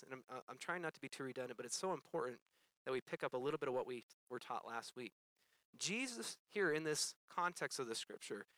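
A man's voice: a little high, a bit bright, no echo. A young man preaching a sermon, earnestly addressing his congregation as "guys" and asking them questions.

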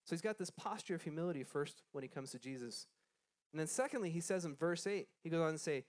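A man's voice: a little high, lively intonation, fast talker. A man teaching a Bible lesson to a group, reading scripture aloud, then explaining it in a conversational way and quizzing his listeners. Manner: conversational, asks the group questions, frequent restarts.

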